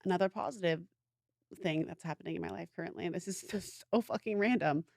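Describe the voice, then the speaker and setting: Young female co-host, fast, frank, dry close-mic chat. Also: fairly low pitch, creaky, a little mellow, no echo. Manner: blunt, swearing, full of "like". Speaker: podcast co-host. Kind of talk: casual chat.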